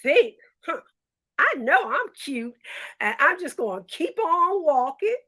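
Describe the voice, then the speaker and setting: A boastful young milkmaid, all giddy sing-song daydreams, put on by a woman telling a story. She pitches high and bright, leaping up and down as she gushes. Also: expressive, a little slow. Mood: smug.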